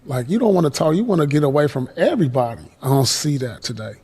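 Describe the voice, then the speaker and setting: A man's voice: fairly high pitch, animated, fast talker, mellow, husky. A man speaking casually about sports in a laid-back, reflective way, with plenty of fillers. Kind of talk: casual conversational commentary.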